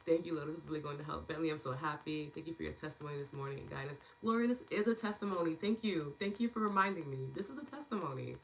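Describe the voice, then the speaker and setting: A woman's voice: sits low, rapid-fire, gravelly, few pauses, a little hiss or hum. A woman hosting a live online gratitude session, chatting casually and affectionately, laughing often as she reads out and thanks viewers' comments.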